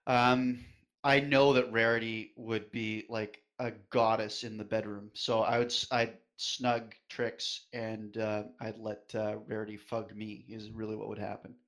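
A man's voice: fairly low pitch, level tone, measured pace, fairly bright tone. A man, a podcast guest chatting casually and hesitantly, with lots of filler words. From Canada. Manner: hesitant, lots of ums and likes. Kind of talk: casual chat.

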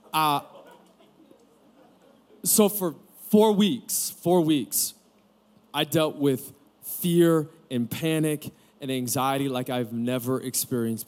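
A man's voice: on the high side, a little mellow. A pastor in his forties preaching a candid sermon, telling a personal story with joking asides to a live audience. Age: 40s. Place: camp gathering room with audience.

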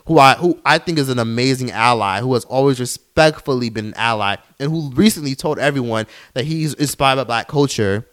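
A man's voice: fairly high pitch, fairly bright tone, smooth. A young man hosting a solo podcast, heated and profane, mocking others in put-on voices. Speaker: podcast host.

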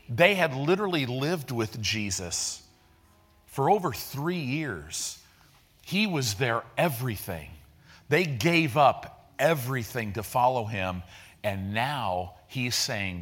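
A pastor delivering a sermon in an easygoing, chatty manner, mixing slang into his teaching. He often slows down to stress a point, then speeds into excited bursts. His voice sits at an ordinary middle pitch for a man. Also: breathy edge. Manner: conversational preaching with slang and vivid retellings.

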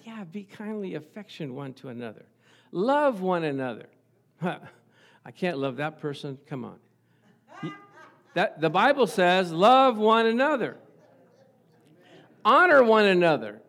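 A middle-aged man preaching a sermon as pastor, animated and calling out for amens. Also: on the high side, gravelly. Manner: animated, asks the congregation for amens. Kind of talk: lively sermon.

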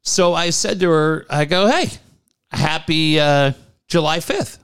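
Animated man telling a family story. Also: a little high, slow, clean tone. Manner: animated, laughs often, repeats "I go". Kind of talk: casual storytelling chat.

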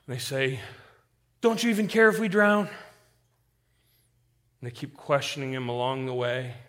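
A male pastor preaching a sermon with passion, swinging from loud declarations to hushed, quiet lines. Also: mid-range voice.

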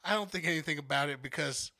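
A young man telling a story on a casual podcast, loose and full of swearing. His voice is bright and forceful and sits a bit high for a man. He acts out the people in the story as he goes. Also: quick pace. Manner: profane, animated storyteller acting out quotes. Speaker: podcast co-host.

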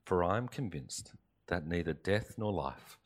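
Earnest male preacher, swelling and hushed. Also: low voice, lively intonation, measured pace. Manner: earnest preaching, swelling louder then dropping to soft emphatic phrases. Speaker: pastor. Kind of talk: sermon. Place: church or studio, recorded for online service.

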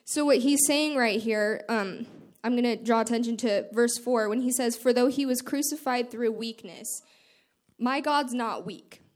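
A woman giving an earnest, informal devotional talk, reading scripture aloud and explaining it with halting restarts. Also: a little high. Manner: reads scripture aloud in a measured way. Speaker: speaker sharing scripture.

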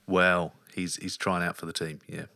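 Male podcast host, wry storyteller; low voice, bright tone, dry sound. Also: little pitch movement, normal speed, gravelly, dry recording. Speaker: podcast host, flag football player. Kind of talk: casual chat.

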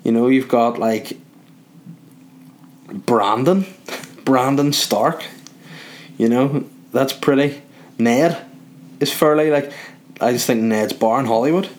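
A man's voice: mid-range voice, takes it slowly, long pauses. A young man from Northern Ireland with a Northern Irish accent, rambling through a crude comic monologue while relaxing in bed. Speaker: vlogger.

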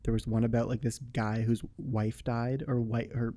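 Young adult male guest, mellow tone, loose rambling chat. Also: mid-range voice, level tone, moderate pace. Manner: rambling, full of "like" fillers. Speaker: podcast guest. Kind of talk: casual chat.

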